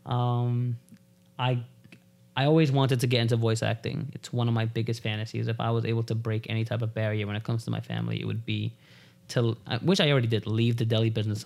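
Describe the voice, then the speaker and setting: A man's voice: mid-range voice, fairly quick, gravelly, darkish tone. A man who is a guest on a podcast, chatting casually and rambling through joking stories.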